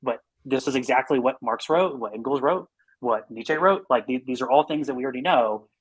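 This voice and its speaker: A man's voice: medium pitch, breathy edge, no echo, low-quality recording. Man, podcast guest, earnest, rambling, dry sound. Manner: earnest, talks in quick run-on bursts with many "like"s. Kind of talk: casual conversation.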